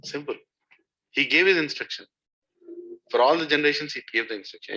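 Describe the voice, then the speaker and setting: A man's voice: fairly high pitch, brisk, long pauses, bright, forceful tone. A man giving a devotional talk to a satsang group, telling stories and asking his listeners questions. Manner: storytelling, asks listeners questions. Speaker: spiritual teacher. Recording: dull lo-fi recording.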